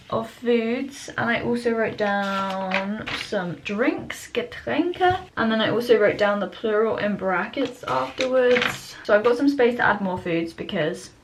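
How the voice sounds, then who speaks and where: A woman's voice: mid-range voice, noisy background. A young woman, chatting casually in a home vlog and sounding out German words as she corrects herself. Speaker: vlogger. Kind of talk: casual study vlog narration. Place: home bedroom, indoors.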